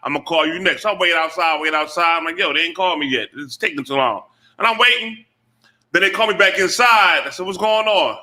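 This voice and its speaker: A man on a talk show telling a personal story with animated energy, acting out the voices of the people he quotes. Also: on the high side, fast. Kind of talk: casual storytelling.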